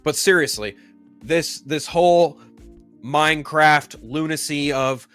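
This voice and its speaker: A man's voice: fairly high pitch, slow, a bit bright, soft background music. A man hosting a commentary show, ranting heatedly and swearing often.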